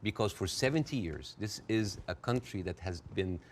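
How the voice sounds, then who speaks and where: A man speaking as an interview guest in a heated debate, animated and quick to push back, often acting out the people he quotes in a raised voice. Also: lowish voice, slight background noise. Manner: fast, interrupts and pushes back.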